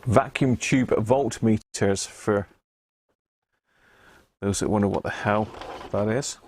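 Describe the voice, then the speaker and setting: A man's voice: fairly low pitch, takes it slowly, darkish tone, breathy edge, dry recording, studio quality. A man hosting a casual live stream, rambling as he answers viewers from the chat. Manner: chatty, rambling, with restarts while reading chat aloud. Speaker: host of a radio-hobby live stream.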